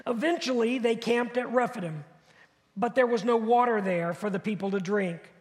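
A man in his fifties preaching to his congregation in an easy, conversational way, leaning on rhetorical questions and repeated phrases. His voice sits unusually high for a man. The sound rings with the long reverb of a church sanctuary. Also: normal speed. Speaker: pastor. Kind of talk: sermon.

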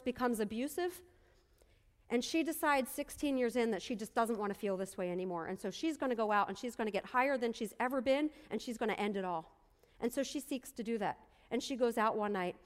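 A woman's voice: fairly high pitch, in a large hall. A woman pastor preaching a sermon, telling a story earnestly and repeating phrases for emphasis.

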